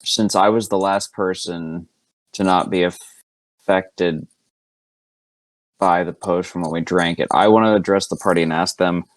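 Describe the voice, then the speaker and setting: A man's voice: sits low, steady tone, moderate pace, pauses often, no room sound. A man playing a tabletop game, hesitant and stressed, swearing often as he thinks aloud. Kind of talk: casual game chat.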